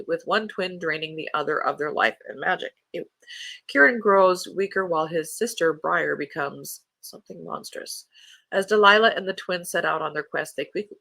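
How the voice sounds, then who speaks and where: A book podcast host chatting casually and reading new-release blurbs aloud in an even storytelling way. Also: medium pitch, creaky, no room sound.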